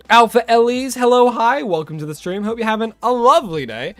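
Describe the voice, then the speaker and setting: A man with an Australian accent chats loosely through a live game stream, greeting viewers and catching his own slips as he goes. His voice sits somewhat high. Faint game music plays quietly under him. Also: no echo. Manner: chatty, greets viewers, rambles and corrects himself. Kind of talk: casual live-stream chat while playing.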